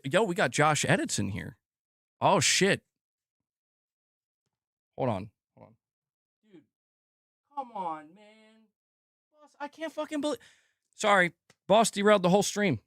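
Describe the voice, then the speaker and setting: A young adult man streaming about games, venting in a profane, animated way and acting out mock quotes of his critics. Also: sits high, gravelly, no room sound, clean studio sound. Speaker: gaming streamer. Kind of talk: casual livestream rant.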